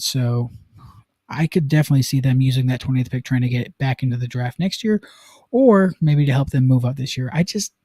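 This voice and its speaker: A man's voice: medium pitch, dark tone, no room sound. A man from Utah hosting a casual live-streamed sports talk show, chatting loosely with plenty of fillers. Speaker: sports podcast host.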